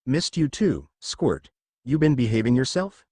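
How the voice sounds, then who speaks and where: A man's voice: mid-range voice, a little slow, husky, dry recording. A man reading as a cool, laid-back young hero. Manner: relaxed, dry.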